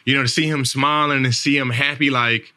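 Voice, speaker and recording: A man in his thirties, a podcast host and NFL player, speaks in a mid-range voice that's steady, a little fast, pushed and bright. He rambles casually through a story, repeating words and leaning heavily on "man" and "like."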